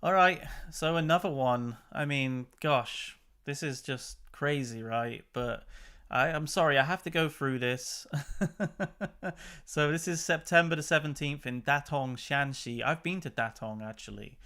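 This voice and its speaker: This channel host is a man who chats casually about news clips, sounding exasperated and laughing between remarks. His mid-range voice is a little slow, pushed and bright, clear, and resonant.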